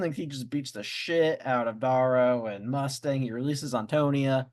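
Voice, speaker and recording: A man co-hosting a podcast, retelling a book's plot in an animated, swearing, jokey way. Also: medium pitch, moderate pace. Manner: animated storytelling, swears, jumps into silly voices. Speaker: podcast co-host. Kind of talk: casual book discussion chat.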